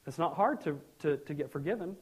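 A middle-aged man preaching a sermon as pastor, animated and joking, with sudden loud bursts. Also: fairly high pitch, a little fast, slightly rough.

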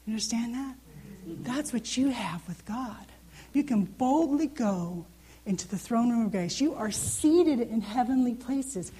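A woman's voice: a little high, lively intonation, unhurried, mellow, slightly rough. A woman in her thirties giving an informal Bible teaching, speaking earnestly and often checking in with her listeners. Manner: earnest, conversational, asks listeners questions. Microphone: handheld microphone.

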